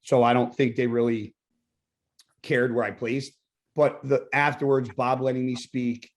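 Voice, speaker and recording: A middle-aged man, a retired bodybuilder, talking as a podcast guest. He tells his story bluntly, swearing often and acting out quoted conversations. His voice sits at an everyday middle pitch. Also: flat delivery, a little slow. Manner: blunt, profane, acts out his own quoted lines. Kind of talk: casual storytelling interview.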